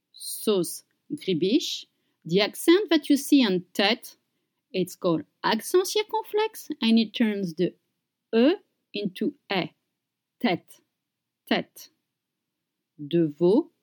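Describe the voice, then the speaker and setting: A woman teaching pronunciation, saying each word slowly and clearly and repeating it for learners. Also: medium pitch, a little mellow. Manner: slow, deliberate, repeats words for learners. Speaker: French teacher. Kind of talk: slow pronunciation lesson.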